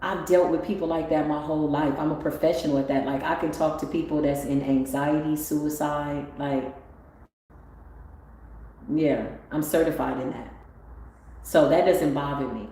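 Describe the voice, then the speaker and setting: Lady tarot reader hyping people up on a live, lower voice, big echoey room, faint hum behind. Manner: animated, swings to high excited exclamations and laughter. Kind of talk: livestream motivational talk.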